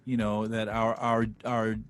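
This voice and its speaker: A man with a low voice talks over a video call in the smooth style of a radio DJ. He speaks haltingly and from the heart, with faint music behind him. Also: little pitch movement. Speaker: guest. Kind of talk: casual chat on a video call.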